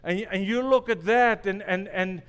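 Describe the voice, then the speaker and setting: A man's voice: high-pitched, normal speed, a bit bright, smooth, in a large hall. A male pastor preaching a sermon in a church, telling stories with self-deprecating humor and repeating phrases for emphasis. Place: church sanctuary.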